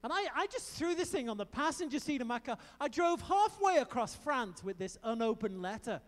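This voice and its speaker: A high-pitched man delivers a sermon, switching between hushed asides and loud, emphatic bursts as he tells a story. His voice rings out with a long reverb, as if filling a big church hall. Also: fairly quick. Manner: animated storytelling with emphatic outbursts. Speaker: preacher.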